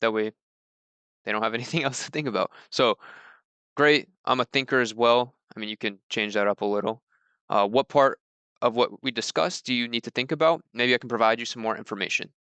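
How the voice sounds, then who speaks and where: A man's voice: on the low side, fast talker, a bit bright, clean tone, no room sound. A man giving a casual training talk on handling client objections, loose and conversational, lifting his voice when reading out sample scripts. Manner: reads sample scripts in a slightly raised voice. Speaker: mortgage sales trainer.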